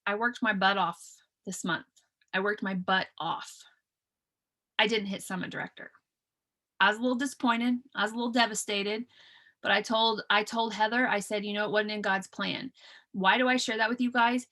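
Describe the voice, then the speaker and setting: A woman's voice: mid-range voice, steady tone, normal speed, pushed and bright. A woman in her thirties leading a business video call, talking in an earnest, chatty way with many fillers and restarts. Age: 30s. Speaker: team leader hosting a business call. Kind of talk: casual motivational talk on a video call.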